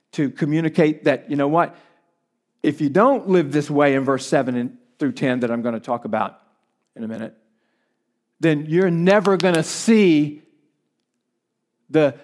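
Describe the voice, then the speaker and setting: A man delivering a sermon as pastor, his voice sitting a little on the high side. He lands his main points with emphasis and repeats them for weight. Between those points he slips into chatty, conversational asides with quick restarts.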